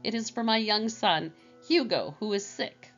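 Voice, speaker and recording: A woman's voice: mid-range voice, animated, a little slow, fairly bright tone, lo-fi sound, faint music behind, voice pushed up. A woman voicing a small, determined mother shrew who talks earnestly. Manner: earnest, pleading, turns commanding.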